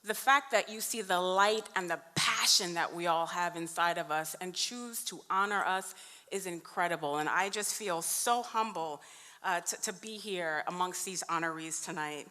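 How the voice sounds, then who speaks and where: A woman's voice: fairly low pitch, moderate pace, pushed and bright. A woman from New York giving an emphatic, heartfelt award acceptance speech in a large event hall. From New York, USA. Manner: emphatic and heartfelt, stretching key words. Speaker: award honoree and union vice president. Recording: echoey hall.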